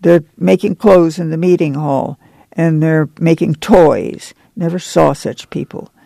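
A man's voice: on the high side, fairly even intonation, measured pace, vocal fry, mellow, dry recording. A man voicing a lean, friendly camp manager who talks in an easygoing, plainspoken way. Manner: easygoing, plainspoken folksy talk.

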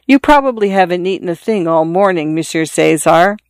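Brief: a narrator playing a distraught young mother, urgent and tearful, raised a little in pitch, smooth tone. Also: expressive, brisk, no echo. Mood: gentle, coaxing. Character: grieving young mother, emotional and pleading. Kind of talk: audiobook character reading.

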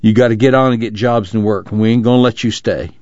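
A man's voice: on the low side, fast, a little mellow, no room sound, muffled recording, lightly acted. Man reading a proud stubborn rural man. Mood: firm. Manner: firm plain rural speech.

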